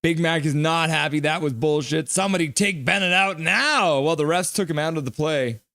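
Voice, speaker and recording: A man hosting a live hockey reaction stream, calling plays and reading out chat messages with excitement. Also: on the high side, moderate pace, gravelly, no echo, clean studio sound. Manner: excitable, chatty, reads chat aloud.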